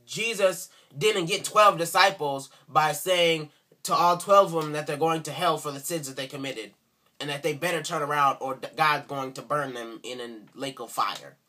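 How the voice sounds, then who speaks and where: A video commentator delivers an indignant, sarcastic rant in a response video, repeating himself for emphasis. His voice is a little high, bright and forceful.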